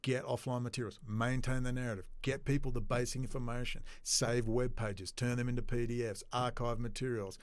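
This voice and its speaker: A man's voice: mid-range voice, flat delivery, brisk, few pauses, smooth, dry recording. A man in an unscripted, angry, profane rant to camera. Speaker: video blogger.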